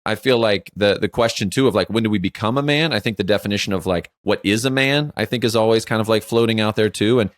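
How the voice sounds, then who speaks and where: A man's voice: fairly low pitch, fast talker, hardly any pauses, dry recording, studio quality. A man in his forties co-hosting a podcast, telling stories in a casual chat and acting out quotes. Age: 40s. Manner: animated storyteller who acts out quotes; frequent filler "like". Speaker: podcast co-host.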